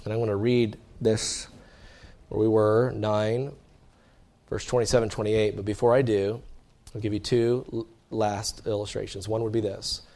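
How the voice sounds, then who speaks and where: A middle-aged man preaching a sermon as pastor, swinging from quiet, low asides to loud, animated emphasis. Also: moderate pace.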